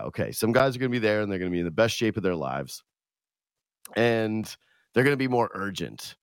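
A man's voice: lowish voice, no echo, clean studio sound. Sick, sarcastic man hosting sports radio. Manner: sarcastic, rambling with restarts. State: sick, losing his voice. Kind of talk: casual solo monologue. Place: radio studio.

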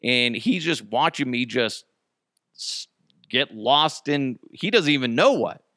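Man, podcast host, casual storytelling, animated pitch, dry close sound. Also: slow, no room sound. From Colorado. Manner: rambling, laughs often, acts out quotes; reads ad copy in a hyped pitch.

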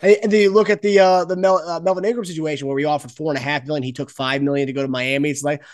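A man hosting a sports podcast, chatty and quick to laugh. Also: on the high side, fairly even intonation, no room sound, studio quality. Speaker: podcast host. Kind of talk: casual sports podcast chat.

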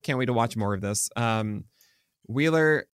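A sports podcast's male co-host speaks in a smooth, mid-range voice on a dry recording, drifting through casual chat, amending what he says, and joking quickly.

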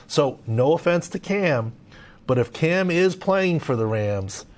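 A man's voice: fairly high pitch, expressive, slow. A middle-aged man from Southern California, giving emphatic podcast injury analysis and leaning on "look" and "right?". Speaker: sports medicine analyst.

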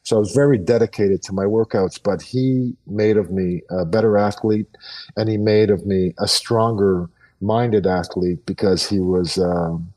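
A man's voice: lowish voice, steady tone, a little slow, warm tone, far from the mic, low-quality recording. A middle-aged man, a retired hockey player, talking earnestly in a casual interview, with many fillers and restarts.

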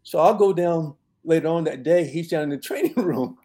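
Older male coach guest, mellow and a touch high, laid-back storyteller. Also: normal speed. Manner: relaxed anecdotal storyteller who laughs at his own tales. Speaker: guest, longtime football receivers coach. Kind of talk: storytelling in an interview.

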